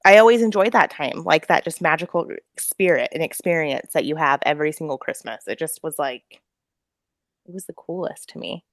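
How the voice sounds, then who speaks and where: A woman with a low, gravelly voice chats casually as a podcast co-host, full of fillers. The sound is close and dry, with no room echo. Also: animated, moderate pace. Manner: chatty, lots of fillers, laughs often. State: out of breath. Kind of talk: casual chat. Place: at home, away from a room with the kids.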